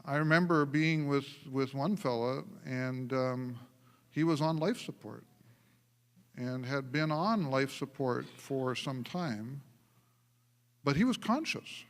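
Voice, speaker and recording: A man preaching a sermon as pastor, telling stories in an animated way and often laughing and restarting his sentences. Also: medium pitch, takes it slowly. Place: church sanctuary. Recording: long church hall reverb.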